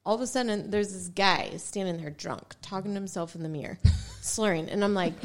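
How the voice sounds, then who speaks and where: A woman co-hosting a casual podcast, telling a story with laughter and loud acted-out shouts. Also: mid-range voice, brisk, faint music behind. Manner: animated, laughing, shouts quoted lines. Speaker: podcast co-host.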